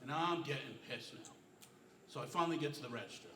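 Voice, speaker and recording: Middle-aged guy doing stand-up in a club, deadpan jokes, roomy echo, faint crowd hum. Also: mid-range voice, fast, distant mic. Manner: deadpan storytelling, self-mocking one-liners. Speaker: stand-up comedian. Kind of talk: stand-up comedy set. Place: comedy club stage.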